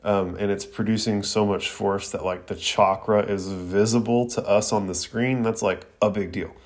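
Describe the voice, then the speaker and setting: A man reviewing an anime episode in a casual, slangy, excited way, laughing often. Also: lowish voice, moderate pace.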